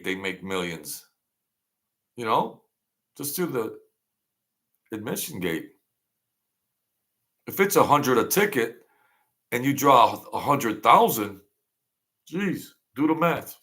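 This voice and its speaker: Slow, gravelly man chatting on a livestream. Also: mid-range voice, big pitch swings, a bit bright. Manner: rambling, greets viewers by name and answers their comments. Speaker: livestream host. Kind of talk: casual livestream chat.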